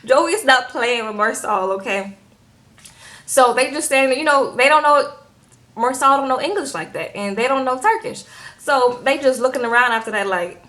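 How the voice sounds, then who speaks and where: Young female vlogger, fairly high voice; sassy, animated recap delivery. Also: moderate pace. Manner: animated, sassy, acts out quotes in voices, says "okay?" a lot. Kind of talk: casual chatty recap.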